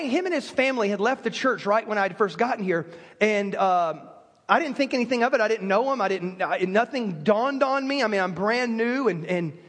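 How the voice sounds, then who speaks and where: A man's voice: high voice, a bit bright, in a large hall. A man preaching a sermon as a pastor, telling stories with self-deprecating humor.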